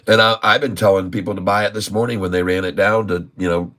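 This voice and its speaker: A man's voice: deep voice, fairly even intonation, quick pace, fairly bright tone. A man hosting a stock trading livestream, talking emphatically, repeating his points and calling the audience "folks.". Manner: emphatic, repeats himself, keeps addressing "folks". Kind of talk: casual market commentary.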